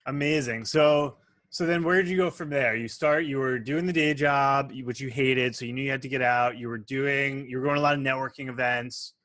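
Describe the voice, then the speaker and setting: Young male host, energetic storyteller, dry close sound, mid-pitched. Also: a little fast, no echo. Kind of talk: interview with storytelling.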